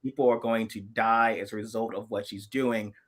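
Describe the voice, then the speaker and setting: A man's voice: fairly low pitch, steady tone, moderate pace, a bit bright. A man in his forties from South Carolina, co-hosting a casual political chat in an emphatic, impassioned way, often restarting his sentences. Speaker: podcast co-host.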